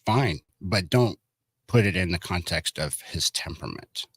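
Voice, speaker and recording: A man's voice: deep voice, lively intonation, normal speed, slightly rough, dry recording, clean studio sound. A man being interviewed as a guest, speaking in a blunt, plainspoken way. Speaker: county board applicant, guest. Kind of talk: casual interview talk.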